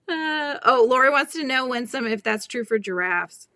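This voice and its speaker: A woman's voice: high voice, pushed and bright, dry recording, clean studio sound. A middle-aged woman hosting a crochet livestream, chatting casually, giggling and reading the chat aloud.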